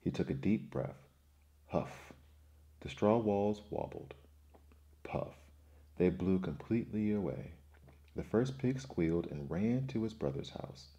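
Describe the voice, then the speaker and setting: A man reading folktales aloud as a soft, soothing ASMR bedtime story. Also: fairly low pitch, lively intonation, normal speed.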